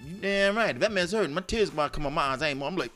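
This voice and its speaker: A man chatting casually as a podcast co-host, animated and laughing often as he acts out voices in his stories. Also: on the high side, very fast, over music. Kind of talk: casual chat.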